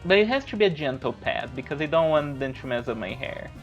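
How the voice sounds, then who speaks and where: A man's voice: medium pitch, animated, fast, highs cut off, faint music behind. A man streaming a video game, chatting casually, rambling and swearing loosely while he plays. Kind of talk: casual livestream gameplay chat.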